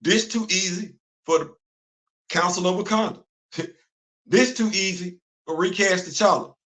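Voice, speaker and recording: Animated high-voiced man ranting. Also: measured pace. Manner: animated, repetitive, laughing often, heavy slang. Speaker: host. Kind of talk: casual livestream commentary.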